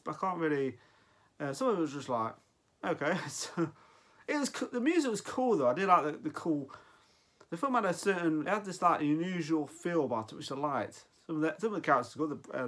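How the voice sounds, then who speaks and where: Rambling man, slightly high voice. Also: a bit bright. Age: 40s. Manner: rambling, loses his thread and restarts often. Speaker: film reviewer. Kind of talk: casual unscripted film review.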